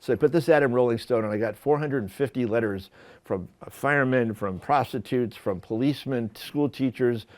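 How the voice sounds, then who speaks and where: A man's voice: mid-range voice, moderate pace. Guy telling old photo-job stories on stage, keeps restarting, middling voice, pokes fun at himself. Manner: animated, self-deprecating storytelling with many restarts. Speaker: photographer giving a talk. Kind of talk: storytelling lecture. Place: lecture hall at an art school.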